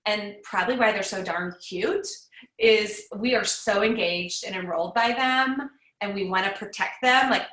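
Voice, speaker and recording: A woman gives an encouraging, conversational parenting talk as a guest on a live online summit. Her voice is bright and forward. She sits in an echoey room, heard through a video call microphone. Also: medium pitch. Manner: warm, encouraging, conversational teaching.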